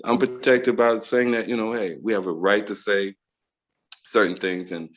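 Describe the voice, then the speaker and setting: A man's voice: on the low side, flat delivery, moderate pace, a bit bright. A middle-aged man, chatting playfully as an interview guest, laughing often and using many fillers. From United States. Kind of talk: casual interview chat.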